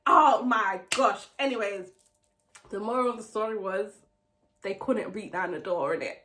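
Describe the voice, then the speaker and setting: A young woman telling a storytime vlog, acting out what people said with shouts and laughs. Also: fairly high pitch, normal speed. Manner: animated storytelling, acts out quotes with shouts and laughs. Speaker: vlogger.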